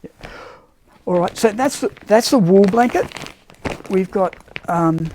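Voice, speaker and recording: A man's voice: sits high, lively intonation, unhurried, darkish tone, a little hiss or hum. A man presenting blankets on a casual live stream, talking unscripted and searching for words as he goes. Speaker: product presenter.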